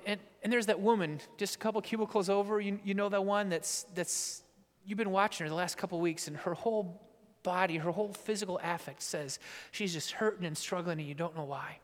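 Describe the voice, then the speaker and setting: A man preaching a sermon with great drama, dropping to hushed whispers and rising to shouts. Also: sits high. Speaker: pastor. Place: church sanctuary. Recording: long church reverb.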